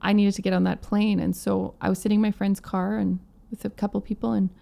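Woman telling a story, a bit of vocal fry. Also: medium pitch, fast. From Manitoba, Canada. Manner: animated storyteller, acts out quotes in her own voice. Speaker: guest musician, violinist and singer. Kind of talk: storytelling in a casual interview.

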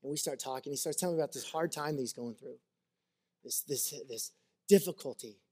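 A man's voice: medium pitch, fairly quick, a little mellow. A man preaching a sermon as a pastor, earnest and conversational, mixing scripture with personal stories.

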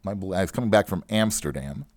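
A man's voice: low voice, brisk, dry recording, studio quality. A man hosting a personal finance podcast, telling a long chatty story full of rhetorical "right?" asides. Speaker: podcast host. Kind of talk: storytelling monologue.

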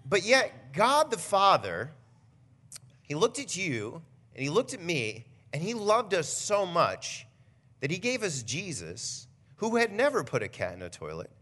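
Brief: young male pastor, bright higher voice, animated storyteller. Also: measured pace. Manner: animated storytelling, builds to near shouting. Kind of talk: conversational Christmas Eve message.

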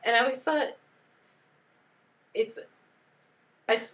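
A woman's voice: on the high side, takes it slowly, fairly bright tone. A young woman co-hosting a podcast, chatting casually about a movie with wry asides and frequent giggles. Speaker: podcast co-host. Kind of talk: casual chat while watching a movie.

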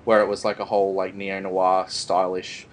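A man's voice: deep voice, completely flat delivery, moderate pace, slight background noise. A man hosting a casual film review podcast, rambling with lots of fillers and restarts. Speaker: podcast host.

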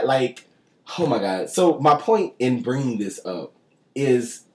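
Animated profane man. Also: medium pitch, slow, reverberant. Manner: animated, profane, laughing often. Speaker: podcast co-host. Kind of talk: casual storytelling chat.

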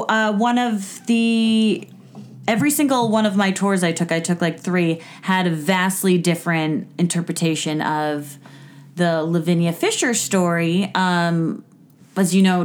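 Rambling, chatty woman telling a story. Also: on the low side. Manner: rambling, filler-heavy storytelling with laughs. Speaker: podcast host telling a true-crime story. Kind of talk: casual chat.

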